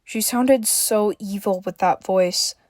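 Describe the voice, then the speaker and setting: A woman's voice: mid-range voice, takes it slowly, a little mellow, no echo, studio quality. A woman reading a scripted story aloud as narrator. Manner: reads dialogue with shifting emphasis, stammers for a frightened character.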